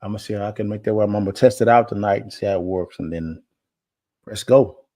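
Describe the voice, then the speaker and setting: A man co-hosting a live stream, talking casually and telling stories in a relaxed, animated way. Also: fairly low pitch, quick pace, no echo. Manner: relaxed storyteller, animated when retelling. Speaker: co-host.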